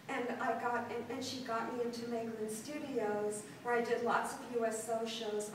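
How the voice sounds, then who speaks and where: A woman in her sixties from Los Angeles, a performance artist telling her life story to a gallery audience in a halting way, with frequent pauses and ums. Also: a little high, noisy background. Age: 60s. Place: gallery room before an audience. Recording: very echoey room, distant mic.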